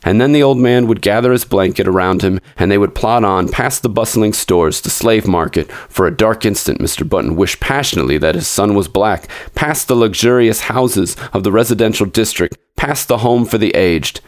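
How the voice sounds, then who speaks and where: A man's voice: lowish voice, normal speed, hardly any pauses. A man reading a classic story aloud as narrator, lifting his voice for the different characters. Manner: reads all parts, lifting his voice for the characters. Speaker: podcast story reader.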